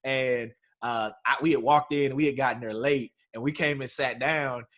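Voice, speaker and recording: Animated storytelling man. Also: mid-range voice, moderate pace. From East Texas. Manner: animated storyteller, acts out quotes. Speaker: podcast guest. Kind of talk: casual interview conversation.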